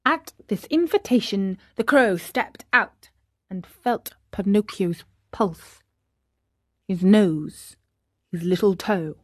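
A woman reading a children's story aloud in a gentle, unhurried way. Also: medium pitch, no echo, clean studio sound. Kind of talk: scripted storybook narration.

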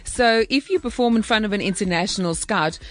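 A woman's voice: mid-range voice, a little fast. A woman, a guest talking casually about acting auditions, full of "like" and "um". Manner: chatty, many fillers like "like" and "um". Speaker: talent agency guest. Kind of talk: casual chat.

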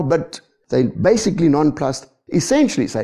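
Gravelly, animated male preacher. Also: fairly high pitch, normal speed. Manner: animated, asks rhetorical questions. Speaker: pastor. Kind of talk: sermon.

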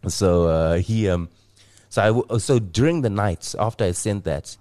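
A man hosts a casual podcast chat. His voice sits low, and he tells his story in a playful, boastful way with a lot of laughter. The recording is dry and close. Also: measured pace, darkish tone, dry recording. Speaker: podcast host.

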